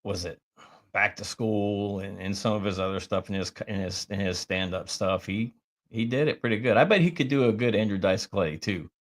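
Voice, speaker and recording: A man's voice: on the low side, normal speed. A man, a military veteran co-host, giving earnest, plainspoken advice. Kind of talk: casual podcast chat.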